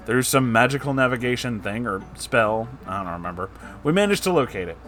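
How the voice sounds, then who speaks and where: A man's voice: mid-range voice, fairly bright tone. A man reading a story aloud and breaking off for casual, sarcastic, profane asides. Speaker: story narrator.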